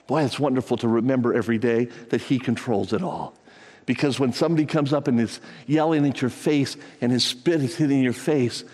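A man's voice: medium pitch, darkish tone, big-room sound. A man preaching a sermon to his congregation, talking conversationally and building to fervent emphasis. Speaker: pastor.

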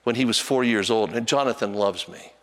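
An older man delivers a sermon as a pastor, moving between hushed, tender prayers and brisk, animated storytelling. His voice sits in an ordinary middle register and carries a long reverb, as if he is preaching from the front of a large hall. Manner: storytelling, animated, voice jumps high when acting out a child.

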